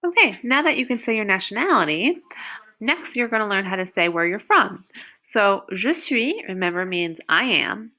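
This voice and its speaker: Bright-voiced woman teaching French. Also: mid-range voice, animated. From United States. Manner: slow, clear modeling of example phrases. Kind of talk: beginner language lesson.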